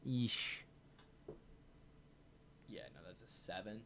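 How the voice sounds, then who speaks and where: A man playing a tabletop game, talking casually in a relaxed, hesitant way. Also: lowish voice, takes it slowly, background noise.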